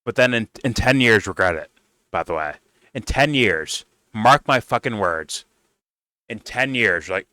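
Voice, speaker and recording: A man's voice: on the low side, expressive, a little slow, pushed and bright, no echo. A man hosting a reaction video, ranting in a profane, exasperated way about what he watches. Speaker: host reacting to a debate. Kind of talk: reaction commentary.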